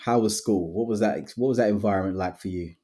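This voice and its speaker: Male podcast host, low and mellow, chatty with jokey asides. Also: fast. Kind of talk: casual podcast chat.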